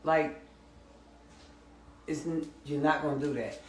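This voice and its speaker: A woman's voice: low-pitched, steady tone, slow, darkish tone. A woman on a reality show talking firmly in a lecturing way. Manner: firm, lecturing. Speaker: reality show cast member. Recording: roomy, distant show clip.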